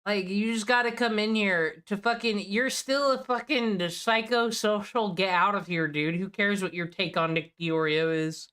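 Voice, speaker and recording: A woman's voice: medium pitch, normal speed, hardly any pauses, fairly bright tone, clean tone. Woman, streamer, casual commentary, profane, sarcastic. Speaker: streamer reacting to drama clips.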